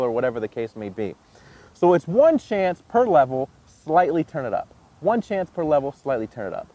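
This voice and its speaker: A man teaching dog training, explaining casually and jumping into a high excited voice when he demonstrates praise. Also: normal speed, dull audio. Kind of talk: instructional demonstration.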